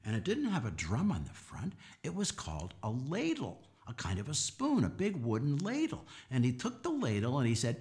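A man telling a story to children, animated and coaxing them to act along and count with him. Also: mid-range voice, fairly quick, few pauses. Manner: animated, coaxing kids to join in. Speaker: children's storyteller and folk musician.

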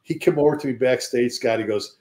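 Fire service veteran, animated storyteller, relaxed mellow voice. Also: male voice, mid-range voice, fairly quick. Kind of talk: casual chat.

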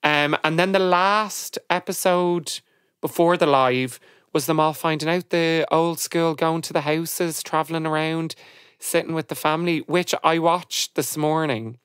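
Woman, podcast host, casual chat, animated storytelling, dry sound. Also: deep voice, unhurried, smooth, no room sound.

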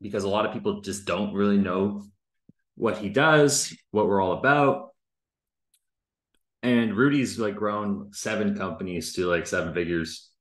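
A man's voice: on the low side, unhurried, reverberant. A man reviewing a recorded sales call in casual commentary, loose and chatty, full of filler words and the odd swear.

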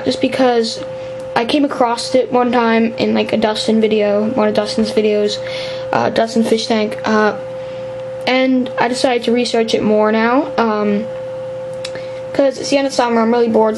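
A woman's voice: fairly high pitch, slight background noise, rough recording. A woman giving a casual vlog explainer on an aquarium hobby topic, rambling and hesitant, with lots of restarts.

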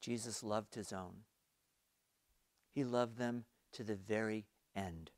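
A male pastor preaching an earnest, storytelling sermon for an online worship service, rising in emphasis and then dropping to quiet. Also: fairly low pitch, fairly even intonation, slow, long pauses, no echo.

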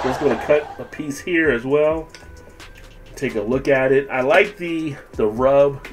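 Casual man reviewing cheese on camera. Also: mid-range voice. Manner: relaxed, chatty, tastes and comments with full mouth. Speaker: food and beer reviewer.

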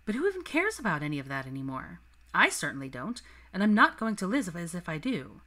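A woman reading the lines of a refined, headstrong young witch in a crisp, determined manner. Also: lowish voice, sing-song, brisk, pushed and bright, full character voice.

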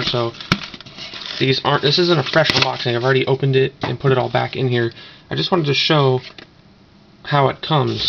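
A man's voice: mid-range voice, gravelly. A man casually talking through an unboxing in a rambling, offhand way with lots of fillers. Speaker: vlogger doing an unboxing. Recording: dull lo-fi camera audio with noise.

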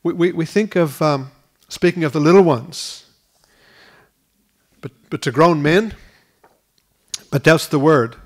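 A man's voice: fairly high pitch, slow, long pauses. Earnest man preaching a sermon. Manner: earnest, repeats words at restarts. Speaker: pastor. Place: school hall used for church.

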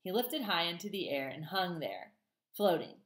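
A woman's voice: fairly low pitch, expressive, normal speed, roomy sound. A woman teacher reading a children's novel aloud to her class and chatting to them, with a chatty manner and frequent ums. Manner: warm, chatty, many ums.

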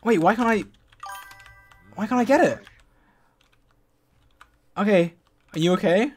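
A man talking casually while playing a video game, flustered and quick to give instructions. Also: high voice, lively intonation, soft background music. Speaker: gaming streamer. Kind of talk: casual gaming chat.

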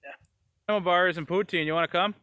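A man with a high, ringing voice runs through a comedy sketch on his own, firing short lines back and forth. He keeps tacking a friendly "eh" onto his sentences. The sound is close and dry, with no room around it. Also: steady tone, bright, forceful tone, no room sound. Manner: quick back-and-forth chatter, tags lines with a drawn-out "eh". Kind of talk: comedy sketch, playing several people in turn.

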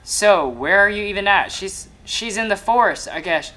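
Excitable man reacting out loud. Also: sits high, normal speed. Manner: excitable, exclaiming, teasing. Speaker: reaction video host. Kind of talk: reaction commentary.

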